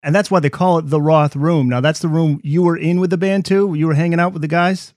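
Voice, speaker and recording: A man's voice: on the high side, fairly even intonation, brisk, a little mellow, dry recording, studio quality. A man hosting an interview, asking friendly, encouraging questions. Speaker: interview host. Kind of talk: casual interview.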